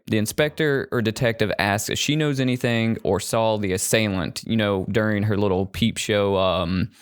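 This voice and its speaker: Profane, animated male podcast co-host. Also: lowish voice, no echo, clean studio sound. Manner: profane, animated retelling with mocking put-on voices. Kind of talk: casual movie-review chat.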